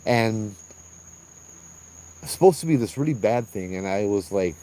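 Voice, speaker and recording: A middle-aged man with a Hawaiian accent, telling ghost stories on location outdoors in a casual, animated way, acting out sounds and voices and saying "bro". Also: lowish voice, a little slow, poor audio. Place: outdoors at a trail at night. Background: crickets and insects.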